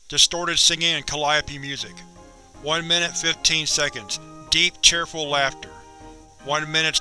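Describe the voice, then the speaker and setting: A man reading a horror log as a narrator, measured and clinical. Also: on the high side, pushed and bright. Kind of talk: scripted narration of a horror document.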